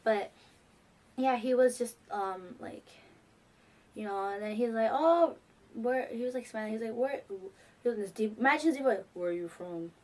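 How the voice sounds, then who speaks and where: Teen girl vlogger, high-ish voice, gushing and rambling, casual story. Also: steady tone, moderate pace, pauses often, a little mellow. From New York. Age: teens. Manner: gushing, rambling, many fillers. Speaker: fan vlogger.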